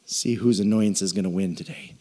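A man's voice: low voice, fairly quick, mellow. A man preaching a sermon as pastor, playful, repeating phrases to draw responses from the congregation.

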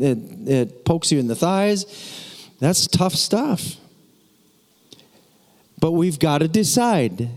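A man's voice: on the high side, a little mellow. A man preaching a sermon to his church in a casual, joking way, with playful asides to the congregation. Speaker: pastor. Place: church sanctuary. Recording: long hall reverb.

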